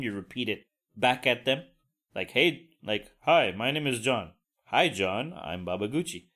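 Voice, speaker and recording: A man's voice: fairly high pitch, fairly bright tone. A man in his forties hosting a podcast, talking in a casual monologue and ranting sardonically with plenty of swearing. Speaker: podcast host.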